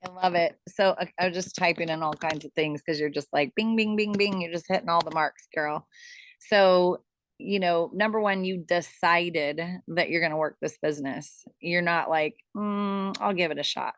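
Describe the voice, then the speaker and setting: A woman's voice: lowish voice, fairly even intonation, moderate pace, a little hiss or hum. Upbeat, encouraging woman on a video call. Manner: upbeat, encouraging, laughs often. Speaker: host of a team business call. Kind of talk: casual video call chat.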